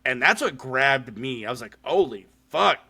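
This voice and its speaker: A man's voice: mid-range voice, big pitch swings, moderate pace, sharp tone, slightly rough. A man hosting a podcast, casually recapping a horror short film, swearing freely and using lots of fillers. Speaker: podcast host. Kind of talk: casual chat.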